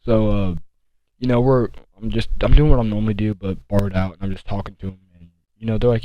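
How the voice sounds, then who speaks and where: Teenage boy, casual storytime, rambling with fillers, low-pitched, dry close sound. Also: steady tone, warm tone, dry recording, dull audio. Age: teens. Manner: rambling, many fillers and restarts, deliberately slowed.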